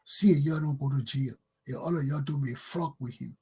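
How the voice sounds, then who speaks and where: A man's voice: medium pitch, fairly quick, warm tone, breathy edge. A Liberian man hosting a talk show, delivering an angry, scolding monologue that circles back on itself. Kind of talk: ranting monologue.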